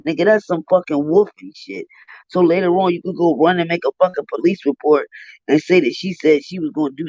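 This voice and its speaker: A man's voice: fairly high pitch, darkish tone, no echo. A man giving heated, profane live commentary on a stream. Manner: profane, indignant, ranting. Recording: dull dry lo-fi stream audio.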